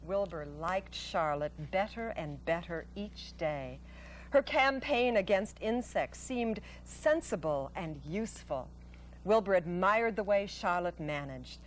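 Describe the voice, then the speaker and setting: A woman reading a children's story aloud, slow and gentle, her voice lilting up and down expressively. The delivery is soft and storybook-like. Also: fairly low pitch, animated, slight background noise. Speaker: narrator.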